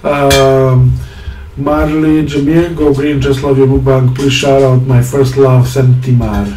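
A man's voice: mid-range voice, flat delivery, mellow, far from the mic. A man with a mid-range voice reads viewer comments aloud in a casual, stop-start way, stumbling over names and adding teasing asides. He sits back from the mic in an echoing room with a faint hiss underneath. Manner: reads names haltingly and teases his partner. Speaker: co-host reading viewer comments. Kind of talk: casual chat.

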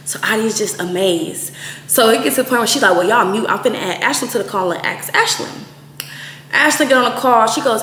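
A woman in her twenties tells a story in casual, profane chat and jumps up high whenever she acts out what someone said. Her voice sits fairly high. The room is echoey, with faint noise behind her. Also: fairly quick. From Texas. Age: 20s. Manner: animated, profane, acts out quoted lines with high-pitched jumps. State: out of breath at times. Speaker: storytime vlogger.

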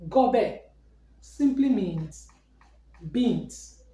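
A woman's voice: medium pitch, lively intonation, very slow, dark tone. A woman teaching an alphabet lesson, patiently drilling each letter and praising with good. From Ghana. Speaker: language teacher. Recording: echoey room, distant mic, faint noise.

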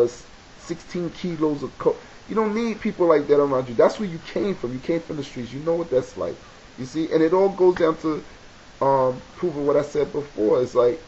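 A man with a New York accent giving a casual advice talk to camera, animated and preachy, repeating key points for emphasis. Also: on the high side. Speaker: video blogger. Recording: dull lo-fi webcam audio with faint hiss.

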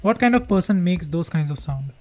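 A man's voice: high voice, animated, fairly quick, darkish tone, a little hiss or hum. A man doing jokey, swearing commentary while playing a horror game. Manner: jokey, swearing, mock-scared. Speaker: gaming streamer. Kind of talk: let's play commentary.

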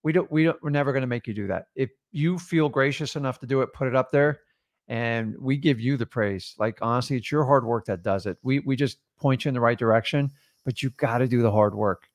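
A man's voice: mid-range voice, a little fast. A man co-hosting a casual livestream, emphatic and encouraging toward viewers. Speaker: co-host of a wholesaling livestream.

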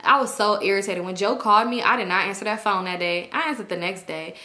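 A woman vlogger telling a work story in casual storytime chat, blunt and profane, jumping into loud high-pitched quotes. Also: fast talker. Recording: roomy echo.

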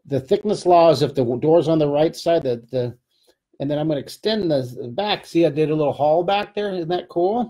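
A man's voice: a little high, a little fast, warm tone. A middle-aged man from California giving a casual, chatty live drawing lesson, talking to his viewers as he draws. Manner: chatty, upbeat, talks to viewers while drawing. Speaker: drawing teacher.

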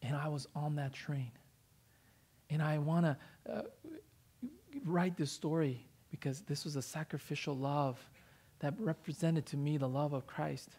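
A male pastor telling a story in a sermon, animated and rising in emphasis. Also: fairly high pitch, unhurried, slightly rough. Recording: church service livestream.

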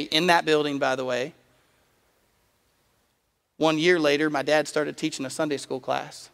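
Man, pastor, sermon, fairly high voice, storytelling then emphatic, long church reverb. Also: creaky, fairly bright tone. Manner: storytelling preacher, rising to emphatic appeals. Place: church sanctuary.

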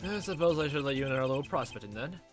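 A man voicing a swaggering cowboy detective in a put-on Texan drawl, folksy and booming, with game music behind. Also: animated, rapid-fire, close to an everyday voice.

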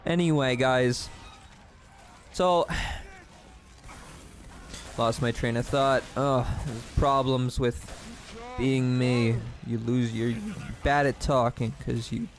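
A man's voice: mid-range voice, fairly even intonation, takes it slowly, pauses often. A young man in a rambling, self-deprecating confessional vlog, swearing often while he plays a game at his desk. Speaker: gaming vlogger.

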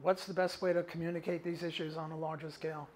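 A man's voice: on the high side, little pitch movement, quick pace. An older man, an economist, emphatically answering audience questions at a talk, with chuckling asides. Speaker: economist and guest speaker. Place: event venue before a live audience.

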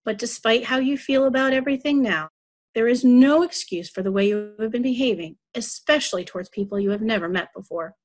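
Woman reading a grandma in a storybook: kind but firm, fairly high and soft. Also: fairly quick, lightly acted. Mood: gentle, stern. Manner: calm, firm, scolding softly. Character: gentle but stern grandmother. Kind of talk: children's story read aloud.

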